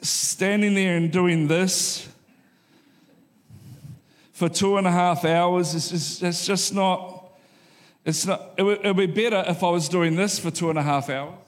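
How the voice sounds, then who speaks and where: A man's voice: high voice, long reverb tail. A man preaching a sermon in a church, talking in a conversational, joking way and repeating his key lines. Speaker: pastor. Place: church auditorium.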